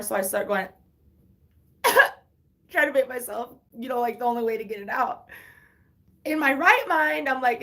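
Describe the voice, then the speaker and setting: A woman's voice: mid-range voice, normal speed, pushed and bright. A woman in her thirties telling a personal story on a casual livestream, candid and rambling, full of swearing and restarts. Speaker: livestream host.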